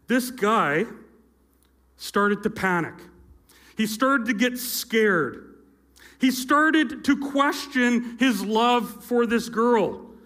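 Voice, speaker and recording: High-voiced youth pastor telling a story. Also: male voice, expressive, very slow, sharp tone. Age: middle-aged. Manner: playful asides to the audience. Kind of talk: sermon storytelling. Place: church stage with a live audience. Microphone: handheld or stage mic with feedback.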